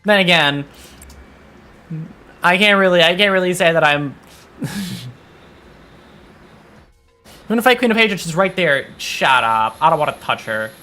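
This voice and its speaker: Bright-voiced, exasperated young streamer guy. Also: high-pitched, expressive, unhurried, pauses often, soft background music. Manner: exasperated, swearing, stammering restarts. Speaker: VTuber streamer. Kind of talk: casual gaming stream chat.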